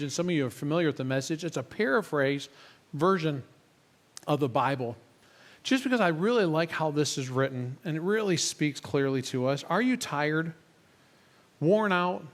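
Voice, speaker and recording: Guy pastor giving a sermon, kinda higher voice, earnest, gets real quiet sometimes. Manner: earnest, drops to a hush for quiet lines. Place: church sanctuary.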